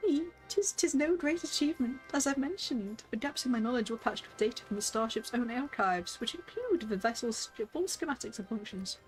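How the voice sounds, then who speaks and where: A woman's voice: a little high, lively intonation, brisk, few pauses, faint music behind, close to an everyday voice, rough recording. A woman voicing a cheerful female robot companion in a put-on Cockney lilt. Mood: modest.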